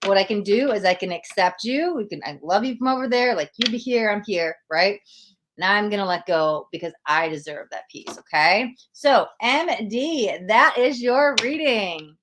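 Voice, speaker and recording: A woman's voice: mid-range voice, lively intonation, moderate pace, noisy background. A young woman hosting a live-stream tarot reading, emotional and gushing as she talks straight to her viewers.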